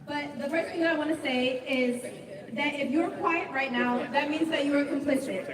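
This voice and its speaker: A woman's voice: high-pitched, moderate pace. Impassioned woman speaking at a rally. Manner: nervous but forceful, keeps asking "all right?". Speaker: protest speaker. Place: outdoor protest rally. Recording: echoey, distant, loud crowd and street noise.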